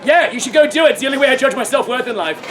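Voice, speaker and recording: A man with a very high voice narrates a comedy show with a teasing, playful manner and sudden shouted outbursts. He is recorded outdoors over a loud crowd and heavy background noise. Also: animated, racing. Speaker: street theatre performer. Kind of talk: comic narration of an audience-participation show. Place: outdoor festival stage.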